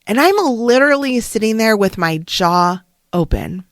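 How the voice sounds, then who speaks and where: A middle-aged woman, a wellness coach and counselor, telling a personal story in a slow, halting, heartfelt way. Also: fairly high pitch, lively intonation, no echo, clean studio sound.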